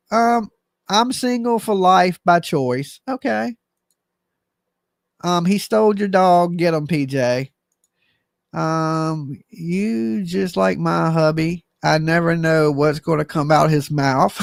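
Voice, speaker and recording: Middle-aged male stream host, high voice, dry mic; playful, self-deprecating chat banter. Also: normal speed, dry recording. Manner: goofy, self-mocking, loose slangy delivery. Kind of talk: joking live-stream chat.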